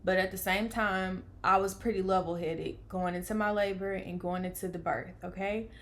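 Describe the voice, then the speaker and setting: A young woman tells her own story, casual and animated. She acts out the voices of the people around her and drops to a near whisper when she sounds worn out. Her voice sits at a middle pitch. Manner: animated, acts out quoted lines, swings from loud to hushed. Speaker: vlogger telling her birth story.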